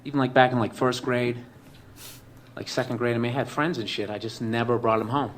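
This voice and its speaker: A man's voice: medium pitch, steady tone, fairly quick, a little hiss or hum. A man telling a comedic personal story in a rambling, profane way, full of "like" and "you know".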